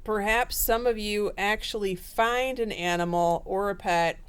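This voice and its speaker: A woman's voice: mid-range voice, measured pace, clear, resonant tone. A woman giving a casual tarot reading in a chatty, rambling way with fillers. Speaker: tarot reader.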